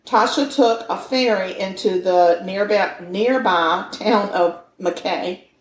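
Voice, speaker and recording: A woman's voice: medium pitch, slow pace. A woman in her fifties co-hosting a podcast, telling a true-crime story with playful, joking banter. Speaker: podcast co-host. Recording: echoey room with faint noise.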